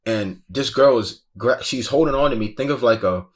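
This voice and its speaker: A man of medium pitch speaks at normal speed. A guest, he casually retells a tense first-hand story of a festival crowd crush, slangy and profane, saying "bro" constantly in an intense, breathless way.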